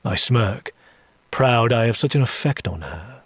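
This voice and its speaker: A man reading a first-person story aloud in an audiobook style, slow and deliberate, dropping low for menacing asides. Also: lively intonation, slightly rough, no echo. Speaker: story reader.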